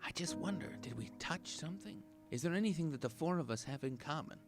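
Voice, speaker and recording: A man playing a tabletop game, talking in character in an earnest, measured way. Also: on the high side, animated, over music. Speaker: player.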